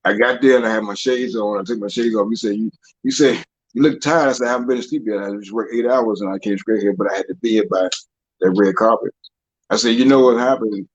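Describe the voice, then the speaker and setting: A man's voice: on the low side, quick pace, slightly rough, no room sound, dull audio. A man who is a guest, a dancer and author, talking loosely in an interview, repeating words as he retells his stories. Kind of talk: casual interview talk.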